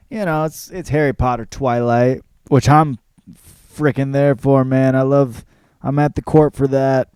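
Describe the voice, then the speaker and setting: A man with a gravelly, dark, mellow voice, recorded very dry and close. He rambles through a crude, self-mocking comic monologue, full of fillers, restarts and cursing. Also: medium pitch, dry recording. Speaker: podcast host. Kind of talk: casual rambling comedic monologue.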